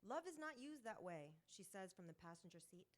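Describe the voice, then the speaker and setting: Woman poet at an open mic, expressive, rhythmic, live bookstore reading. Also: mid-range voice, moderate pace. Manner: expressive, repeats words rhythmically.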